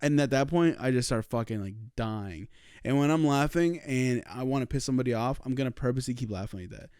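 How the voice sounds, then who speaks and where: A young man co-hosting a podcast, telling a story in casual chat, animated and swearing, laughing often. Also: mid-range voice, quick pace, clear, resonant tone, dry recording, studio quality. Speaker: podcast co-host.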